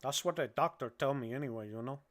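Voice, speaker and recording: On a livestream, a man does a comedic impression of a brash Cuban gangster with a Cuban Spanish accent, rambling and boasting with constant "man"s. His mid-range voice is fast and close to his everyday voice.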